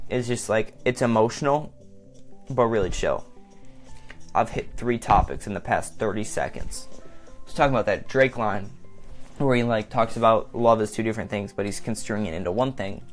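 A man's voice: lowish voice, normal speed, soft background music. A man talking on his own in a casual vlog, rambling between topics, swearing, and often saying "like.". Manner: rambling and self-mocking, swearing, frequent "like". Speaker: vlogger. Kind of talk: casual solo monologue.

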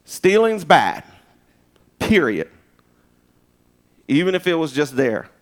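A man preaching a sermon in a loose, conversational way, with restarts and asides, swinging from loud emphasis to hushed, and in his speech. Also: a little high, sing-song, slow pace. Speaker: pastor.

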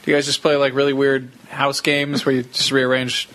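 A man's voice: medium pitch, completely flat delivery, normal speed, a bit bright. A man co-hosting a comedy podcast, teasing and rambling a bit in casual banter. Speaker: podcast co-host.

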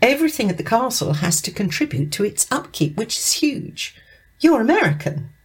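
A woman's voice: fairly high pitch, big pitch swings, normal speed, husky, pitched above the performer's own voice. A woman reading a story aloud and voicing a stern, pushy female programme director in a firm, bossy manner.

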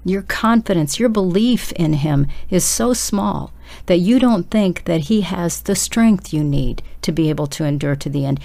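A woman delivers a sermon in a low, gravelly voice. Her tone is dark and mellow, and she presses every point with urgent, emphatic exhortation aimed straight at her listeners. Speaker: preacher.

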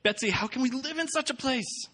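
A man playing a shrill, wailing young woman. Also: a little fast, bright, forceful tone. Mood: despairing. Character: young Dutch woman, alarmed by fleas.

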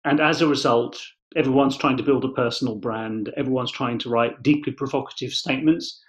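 A man speaking as a podcast guest, explaining his ideas in a thoughtful, measured way with gentle restarts. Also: mid-range voice, steady tone. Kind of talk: reflective conversational explanation. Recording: slightly dull lo-fi sound.

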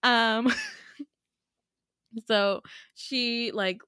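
A woman's voice: fairly high pitch, fairly even intonation, drawn-out words, pushed and bright, smooth, no room sound, studio quality. A young woman hosting a podcast, chatty and giggly, casually retelling a dream. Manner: giggly, chatty, lots of fillers. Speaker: podcast host. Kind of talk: casual storytelling.

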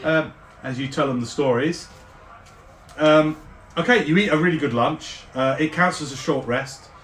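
A man narrating a tabletop game as game master, relaxed and rambling with fillers. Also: on the high side, moderate pace. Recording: echoey room, faint background noise.

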